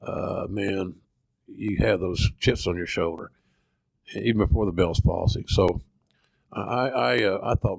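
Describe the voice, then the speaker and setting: Older Southern man from Oklahoma, low gravelly voice, dry close sound, podcast storyteller. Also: measured pace, darkish tone, no echo, poor audio. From Oklahoma, USA. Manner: folksy, salty, self-deprecating. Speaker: podcast host. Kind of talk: casual storytelling.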